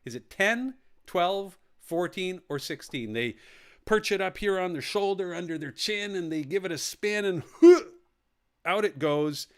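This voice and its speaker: A man hosts a live quiz, reading out each question and its four answer options and then repeating them. He drops jokey asides between questions. His voice sits fairly high and swings up and down a lot. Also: lively intonation, moderate pace, fairly bright tone, smooth. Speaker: quiz host. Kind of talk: live online quiz hosting.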